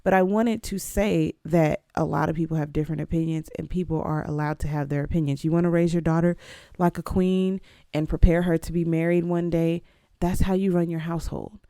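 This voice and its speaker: Young woman podcast host, low and gravelly, dry close sound, casual and emphatic. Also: steady tone, a little fast, mellow, dry recording. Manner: emphatic and conversational, with sudden jumps up in pitch. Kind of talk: casual solo podcast commentary.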